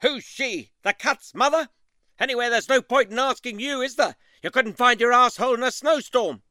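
A woman's voice: on the high side, moderate pace, bright, forceful tone, dry recording, clean studio sound, pitched above the performer's own voice. A woman reading aloud, voicing a crude, bullying middle-aged farmer father who swears and sneers. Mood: mocking. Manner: gruff, sarcastic, swearing.

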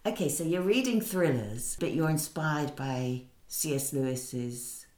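A woman hosting an interview, steering the talk briskly with questions. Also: low-pitched, lively intonation, a little mellow. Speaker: host. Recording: roomy echo.

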